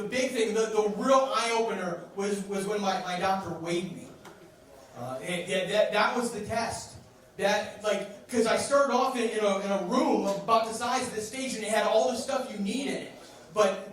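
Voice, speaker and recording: A man performing a stand-up routine on a club stage, with a stammering, deadpan delivery full of restarts, and audience laughter behind him. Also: high-pitched. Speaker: stand-up comedian. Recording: echoey room mic from far off with crowd laughter.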